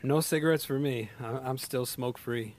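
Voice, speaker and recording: A man's voice: medium pitch, moderate pace, darkish tone. A man from Western Massachusetts hosting a casual chat, laid-back and easily amused, asking follow-up questions.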